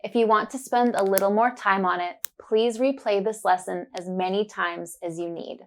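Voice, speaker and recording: A woman teaching a pronunciation lesson, repeating words slowly and clearly and praising the listener with upbeat cheer. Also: mid-range voice, steady tone. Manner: drawn-out, deliberate word drills with upbeat praise.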